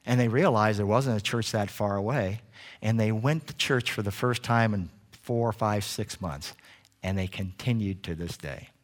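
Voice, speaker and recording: A man preaching a sermon, telling a story in an animated way. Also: fairly low pitch, moderate pace. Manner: animated storyteller doing voices.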